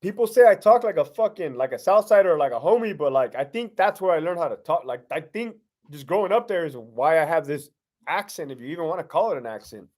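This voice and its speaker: Reading viewer questions one after another, this middle-aged man runs a loose live-stream Q&A in a fairly high voice. His answers are blunt, full of swearing and street slang, like an off-duty ex-prison lieutenant, delivered fast and expressively in a darkish tone.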